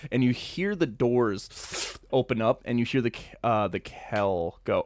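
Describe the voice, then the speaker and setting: Young guy game master, kinda low voice, rambly, dry close sound. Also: a little slow, hardly any pauses, darkish tone, dry recording. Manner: loose, rambling with fillers. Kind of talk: narrating a tabletop game.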